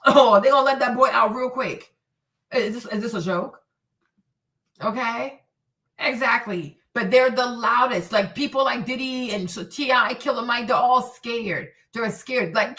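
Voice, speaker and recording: Casting: outspoken woman livestream host, cussing, animated, high-pitched. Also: distant mic. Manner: blunt, profane, animated ranting. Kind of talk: livestream commentary.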